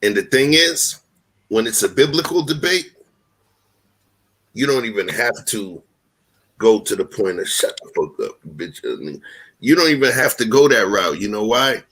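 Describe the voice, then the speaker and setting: A man hosting a live online discussion, calmly urging a guest to argue with substance over insults, repeating his points earnestly. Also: medium pitch, moderate pace, pauses often, husky. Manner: earnest, coaxing, repeats himself. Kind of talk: livestream debate moderation.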